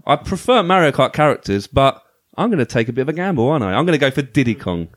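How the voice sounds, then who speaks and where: A man's voice: mid-range voice, very animated, fast, dry recording. A man hosting a casual podcast chat about retro video games, talking with enthusiasm and frequent restarts. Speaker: podcast host.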